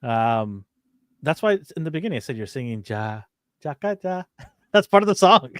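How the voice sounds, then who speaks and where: A man co-hosting a casual chat show, telling lively stories and acting out what people said, laughing often. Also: mid-range voice, moderate pace, no room sound, clean studio sound. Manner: animated storyteller, acts out quotes, laughs often. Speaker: co-host of a toy and anime show.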